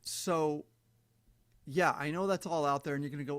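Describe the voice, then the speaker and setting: A middle-aged man with a slightly raised pitch vents to his audience in a heated, cursing rant. His delivery is emphatic and loaded with profanity. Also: moderate pace, pauses often, a bit bright. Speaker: vlogger. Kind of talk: angry rant to camera.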